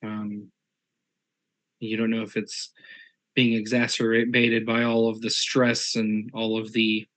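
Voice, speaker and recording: A man's voice: lowish voice, completely flat delivery, slow, pauses often, a bit bright. A man narrating a tabletop role-play game as game master, describing characters unhurriedly.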